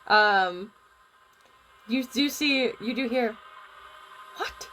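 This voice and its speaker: A young woman game master narrating a tabletop game in a casual, halting way. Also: medium pitch, a little hiss or hum.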